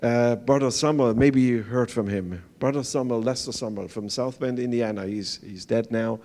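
Earnest older German-accented preacher. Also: male voice, mid-range voice, a little mellow. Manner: earnest, halting non-native English with many fillers. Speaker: visiting pastor. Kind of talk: testimony sermon.

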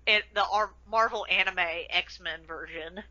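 A man in a casual fan-casting chat, halting and restarting often. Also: sits high, pushed and bright, no echo. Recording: dull lo-fi sound.

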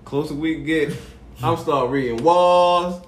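Male podcast host, animated storyteller, higher voice, roomy echo. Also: takes it slowly. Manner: animated storyteller, acts out quotes. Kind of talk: casual chat. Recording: echoey room, faint noise.

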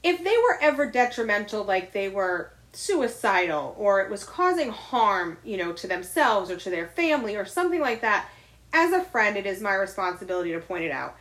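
A woman's voice: mid-range voice, very animated, moderate pace, fairly bright tone. Blunt, confessional woman podcaster. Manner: blunt and confessional, swears freely. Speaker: podcast co-host. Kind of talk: candid casual chat.

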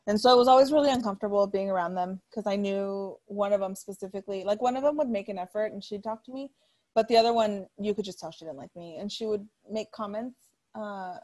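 A woman in her thirties talks on a casual chat show. She tells her stories bluntly and swears freely. Her voice sits at an everyday middle pitch. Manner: blunt, heavy swearing, animated storytelling. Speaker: podcast co-host.

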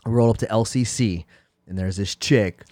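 A man's voice: fairly low pitch, normal speed, mellow, no echo. Joking podcast host man, dry sound. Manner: joking, interjecting, bro slang. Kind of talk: casual chat.

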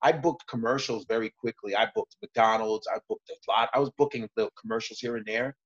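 Man, husky voice, profane storyteller, animated, lo-fi dull recording. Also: fairly quick. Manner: profane, animated retelling with bursts of high pitch. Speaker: guest comedian. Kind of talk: casual storytelling.

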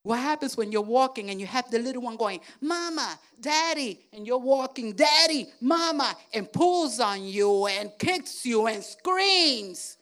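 A woman pastor preaching a lively sermon, swinging from loud, excited calls to hushed, near-whispered lines and acting out little voices. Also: a little high, unhurried, few pauses.

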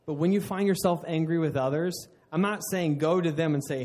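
A man's voice: fairly high pitch, quick pace, hardly any pauses, darkish tone. A man preaching a sermon in an earnest way, often restarting mid-phrase and laughing at himself. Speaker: pastor.

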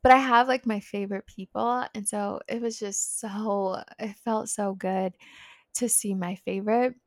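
A woman's voice: mid-range voice, a little slow, no echo, studio quality. A woman in her twenties telling a personal story in a casual, chatty way, full of "like" fillers. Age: 20s. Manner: chatty, animated, lots of "like" fillers. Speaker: vlogger.

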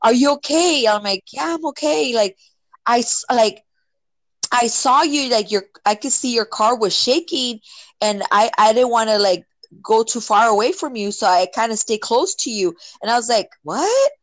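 A woman casually telling a personal story, filling it with "like" and "right?" and acting out quotes with sudden jumps in pitch. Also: moderate pace, no room sound, low-quality recording. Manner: filler-heavy, many "like" and "right?".

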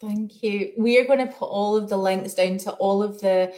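A woman's voice: medium pitch, steady tone, moderate pace, dark tone. A woman hosting a podcast, speaking casually and hesitantly. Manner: hesitant, many fillers. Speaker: podcast host. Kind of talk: casual interview talk.

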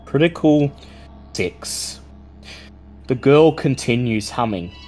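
A woman runs a tabletop horror game as game master, her voice extremely low and unhurried. She builds suspense line by line as faint music plays underneath. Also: expressive, warm tone, low-quality recording. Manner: slow, suspenseful narration.

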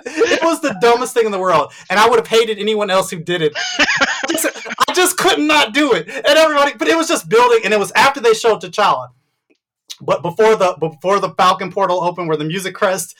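A man talking casually on a podcast, rambling and getting animated as he tells a story. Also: medium pitch. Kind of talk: casual movie ranking chat.

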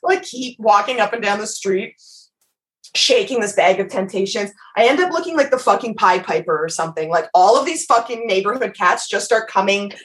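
A woman's voice: medium pitch, lively intonation, a little fast. A woman telling a story in casual podcast chat. She swears freely, mocks herself and laughs through it.

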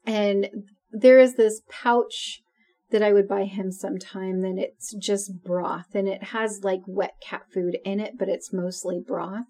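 A woman's voice: medium pitch, fairly even intonation, measured pace, warm tone. A woman co-hosting a podcast, chatting casually and laughing often. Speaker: podcast co-host. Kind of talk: casual chat.

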